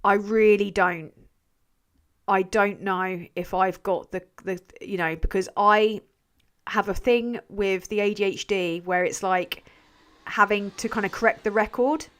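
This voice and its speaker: A woman chats loosely on her live stream, replying to viewer comments. She rambles, drops sentences halfway and swears without a second thought, mocking herself as she goes. Her voice sits at an ordinary middle pitch. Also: steady tone, unhurried, a bit bright. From England. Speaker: channel host.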